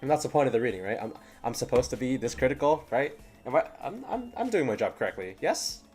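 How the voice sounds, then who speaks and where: A man's voice: mid-range voice, big pitch swings, fast, darkish tone. A man reading fanfiction aloud on a stream and commenting in a rambling way, often stopping and repeating words. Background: faint background music.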